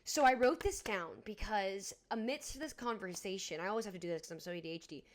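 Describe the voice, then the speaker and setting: A woman's voice: medium pitch, a little fast. A young woman from Atlanta, co-hosting a podcast, ranting heatedly with lots of swearing in casual chat. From Atlanta, Georgia. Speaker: podcast co-host.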